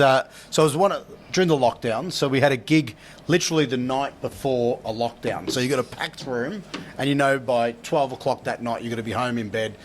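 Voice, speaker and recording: A man's voice: mid-range voice, a little hiss or hum. A man, blunt and swearing, telling a story in casual chat.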